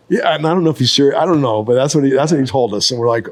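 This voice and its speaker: A man's voice: medium pitch, quick pace. Rambling older male storyteller. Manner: rambling, lots of fillers and restarts. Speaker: surf photographer guest. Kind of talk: casual storytelling.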